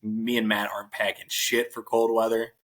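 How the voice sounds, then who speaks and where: A man co-hosting a casual chat, wry and profane in a deadpan way. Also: on the low side, moderate pace. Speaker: podcast co-host, army veteran.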